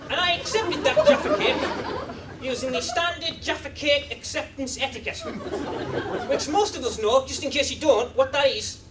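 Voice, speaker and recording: A man doing a stand-up comedy set in a club, with a deadpan, awkward delivery full of hesitant restarts. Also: very high voice, recorded from a distance, noisy background. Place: comedy club stage with live audience. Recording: live club recording, loud crowd laughter.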